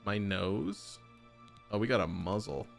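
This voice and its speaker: A man with a fairly low voice talks his way through a game in casual streamer commentary. He is chatty and keeps letting out excited oohs as he browses the options. Faint game music plays underneath. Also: a little slow, creaky. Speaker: gaming streamer.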